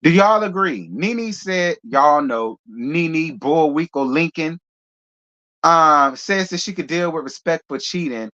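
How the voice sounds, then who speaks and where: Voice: mid-range voice, animated, takes it slowly, fairly bright tone. Blunt rambling gossip host, dull sound. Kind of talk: casual gossip commentary.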